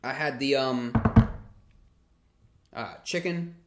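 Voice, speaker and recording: A man's voice: mid-range voice, takes it slowly, loud music behind the voice. A man hosting a casual livestream Q&A. He reads chat questions aloud and answers them in a chatty way, swearing freely.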